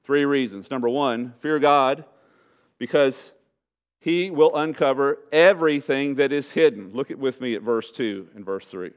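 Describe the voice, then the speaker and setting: A man's voice: unhurried, clear, resonant tone. A male pastor preaching a sermon in a church, speaking with emphasis and repeating his key phrases. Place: church sanctuary. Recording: dull low-fidelity church recording.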